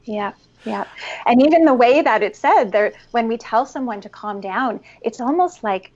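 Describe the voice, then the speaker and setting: Calm woman guest on a dull line. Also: on the high side, normal speed. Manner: calm and instructive, guides a breathing exercise. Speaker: guest expert on parenting. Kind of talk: explanatory interview talk.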